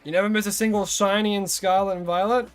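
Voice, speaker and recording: A man's voice: high voice, steady tone, fast talker, clear, resonant tone, dry recording, faint music behind. A young Australian man chatting casually with his viewers as a game streamer, greeting them and rambling between tips. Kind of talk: casual live-stream chat.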